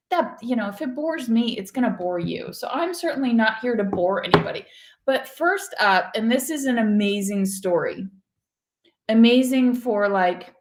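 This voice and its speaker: A high-voiced woman hosts a casual online show, chatting her way through odd news stories. She talks in an animated, joking way, quick to laugh. Her voice carries a roomy echo. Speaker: show host.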